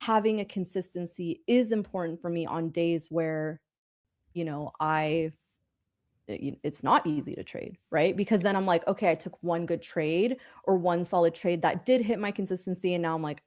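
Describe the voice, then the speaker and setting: Woman, lowish voice, casual chat, rambling, self-correcting. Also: normal speed, darkish tone. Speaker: co-host of a live trading stream.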